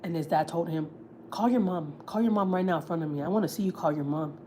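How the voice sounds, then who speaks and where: A woman's voice: lowish voice, fast talker, mellow, slight background noise. Heated, profane woman telling gossip. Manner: blunt, heated and profane, with lots of fillers. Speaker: family vlogger on a livestream. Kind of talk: casual storytelling, gossip.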